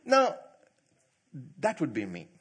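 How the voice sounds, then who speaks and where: A man preaching to church leaders, quizzing the audience and telling stories with animated delivery. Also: mid-range voice, moderate pace, breathy edge. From not from India. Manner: animated, asks the audience questions, laughs easily. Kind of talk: sermon.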